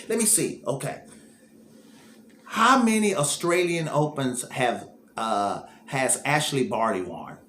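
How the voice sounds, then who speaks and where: A man's voice: a little high, a bit bright, reverberant, slight background noise. A man hosting casual tennis commentary, thinking aloud and repeating himself as he goes.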